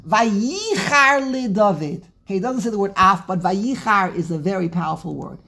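A woman leads an animated Torah class with a husky, slightly breathy tone. She speaks emphatically and dramatically, posing rhetorical questions and often restarting her sentences. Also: on the low side, fast talker. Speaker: Torah teacher.

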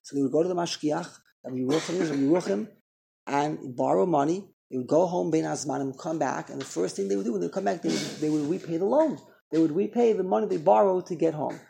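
Gravelly male rabbi-teacher, animated lecture, repeats himself. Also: a little high, fast talker. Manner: animated, repeats and restarts phrases. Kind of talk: Torah class lecture.

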